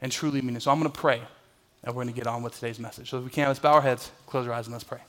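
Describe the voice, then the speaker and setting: A young adult man preaching a sermon in a church, telling a personal story with lively, acted-out voices before leading a prayer and a Bible reading. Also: mid-range voice, racing. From Southern California. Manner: animated storyteller, acts out voices. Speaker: pastor.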